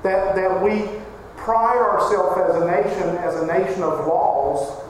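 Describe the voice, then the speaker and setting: A man's voice: high-pitched, fairly even intonation, measured pace. A man preaching a sermon as pastor, emphatic and crying out when he quotes scripture. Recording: echoey hall reverb, faint noise.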